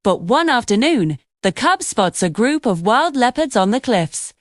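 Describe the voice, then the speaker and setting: A woman reading scripted narration for a children's cartoon story in an expressive storytelling manner. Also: a little high, measured pace, dry recording, clean studio sound.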